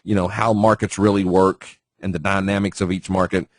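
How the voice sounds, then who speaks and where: A man's voice: sits low, little pitch movement, brisk. A man teaching trading in a casual webinar, talking conversationally and asking the audience questions. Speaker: trading educator.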